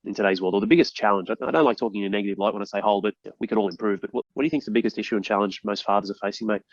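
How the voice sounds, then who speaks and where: A man's voice: on the low side, rapid-fire, no room sound, highs cut off. A man hosting a casual podcast interview, talking in an emphatic, sweary way with frequent restarts. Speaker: podcast host.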